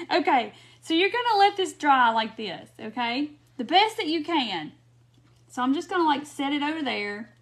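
A woman's voice: high-pitched, big pitch swings, a little slow, fairly bright tone. A woman hosts a casual craft livestream, giggling often as she chats to viewers. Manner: giggly, laughing often while chatting to viewers. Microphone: phone or webcam on a live stream.

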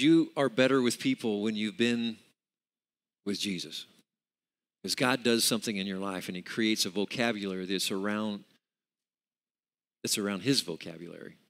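Guy preaching a sermon, mid pitch, lots of repeats and "everybody say", big echoey church sound. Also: fairly bright tone. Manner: emphatic, repeats words, calls for congregation responses. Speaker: pastor. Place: church sanctuary. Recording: long reverb of a large hall.

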